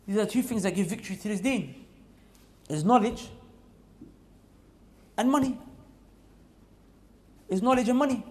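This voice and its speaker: Male mosque preacher, high pitch, emphatic and repetitive, builds to loud exhortation. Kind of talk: mosque talk. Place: mosque hall.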